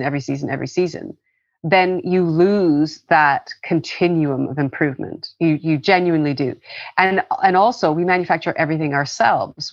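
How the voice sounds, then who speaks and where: A woman's voice: low voice, no echo, dull audio. A woman, co-founder of a company, talking earnestly and with feeling in an interview, often repeating words as she starts a thought. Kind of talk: interview conversation.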